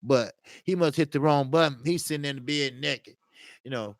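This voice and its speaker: Telling a humorous story on the boxing talk stream he hosts, this man leans on slang, laughs often, and keeps drawing things out with a repeated "man." His voice runs on the high side, and the sound is clean studio quality with no echo.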